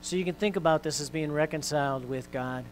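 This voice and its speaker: A man's voice: fairly high pitch, a little fast, slight background noise, rough recording. Male pastor preaching, faintly humming mic. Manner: conversational preaching with fillers, rising intensity when quoting scripture. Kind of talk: sermon.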